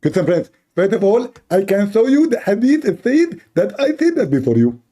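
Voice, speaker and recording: A man's voice: sits high, sing-song, normal speed, warm tone, voice pushed up. A man putting on a mocking caricature of a male debater, in a whiny, insistent voice.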